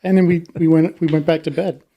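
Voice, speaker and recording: Animated man telling a story, laughing. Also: on the high side, fast, muffled recording. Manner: animated storyteller, laughs often, acts out voices. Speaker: podcast co-host. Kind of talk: casual storytelling chat.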